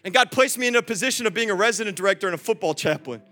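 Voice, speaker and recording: A young man delivers a sermon in a high, bright, forceful voice. He swings between loud calls and soft asides and keeps talking straight to his congregation, while faint music plays behind him. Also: animated, very fast. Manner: acts out quoted voices, chats with the congregation. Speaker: pastor.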